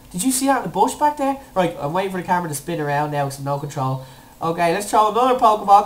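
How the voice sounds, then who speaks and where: A young woman commentating her own gameplay, excitable, with squealing cheers and playful made-up words. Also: mid-range voice, fast talker. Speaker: let's play gamer.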